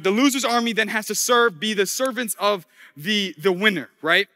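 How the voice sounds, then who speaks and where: A man's voice: high-pitched, normal speed, bright, forceful tone, big-room sound. A man preaching a casual, story-driven sermon with slang and jokey asides in a church.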